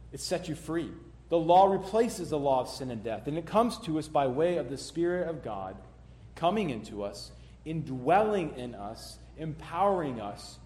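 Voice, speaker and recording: A man preaching a sermon as a pastor, teaching emphatically and pushing key words louder before dropping back down. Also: a little high, echoey room. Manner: emphatic, rises and drops in volume for stress.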